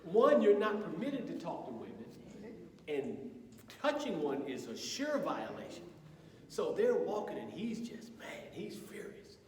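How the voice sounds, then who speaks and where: A man leading a group session, teaching through anecdotes as an animated storyteller with a laugh in his voice. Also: sits high, unhurried, a crowd in the background. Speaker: co-presenter of a couples session. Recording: roomy hall from a distance.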